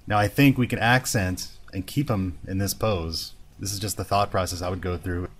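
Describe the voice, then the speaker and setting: A man teaching a storyboarding tutorial, talking through each step in a relaxed, thinking-aloud way. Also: low voice, moderate pace, breathy edge. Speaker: animation instructor. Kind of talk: screen-recorded software tutorial.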